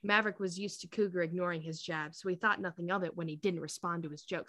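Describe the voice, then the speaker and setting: A woman's voice: lowish voice, steady tone, fast talker, fairly bright tone, no echo, studio quality. A woman co-hosting a podcast, reading fanfiction aloud in a casual way with laughing asides.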